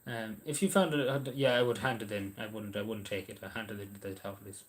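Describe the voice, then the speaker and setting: A man's voice: fairly low pitch, steady tone, quick pace, a little hiss or hum. An Irish man chatting casually on a livestream, answering viewers' messages in a rambling, hesitant way with lots of ums and restarts.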